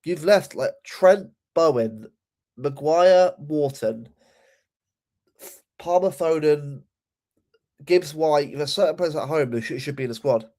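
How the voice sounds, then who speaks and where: A man's voice: a little high, a little slow, pauses often, a little mellow. A young man giving a heated, sweary football rant, often repeating and restarting his words. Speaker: football channel host.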